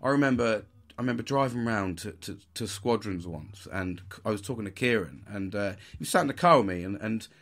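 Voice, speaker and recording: A man's voice: on the low side, animated, a little fast, a bit bright. A man, telling stories casually and swearing a lot. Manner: swears a lot, puts on mock posh voices. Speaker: podcast host. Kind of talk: casual storytelling.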